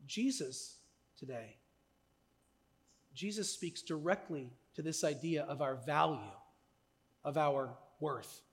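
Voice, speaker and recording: Male pastor, high voice, conversational sermon, long hall reverb. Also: slow pace, long pauses. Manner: conversational, asks listeners "right?".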